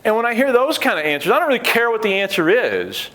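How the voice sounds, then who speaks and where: A middle-aged man giving a conference talk, an animated storyteller who acts out the people he quotes and drops wry joking asides. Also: sits high, fast talker. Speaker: conference speaker.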